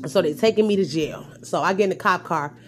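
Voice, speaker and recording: A young woman tells her viewers a wild story in a casual, animated way. Her voice jumps from loud outbursts to quiet asides. Faint music plays behind her. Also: fairly low pitch, brisk. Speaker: storyteller vlogger.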